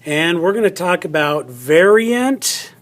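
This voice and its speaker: Slow, chatty male teacher thinking aloud. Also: sits high, very animated. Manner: chatty, thinks aloud while cutting and writing. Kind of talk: classroom phonics lesson.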